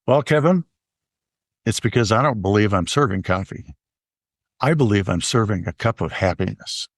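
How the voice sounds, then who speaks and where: A man's voice: lowish voice, moderate pace, no room sound, studio quality. A man voicing a cheerful young female barista with an eager, bubbly way of serving. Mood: warm.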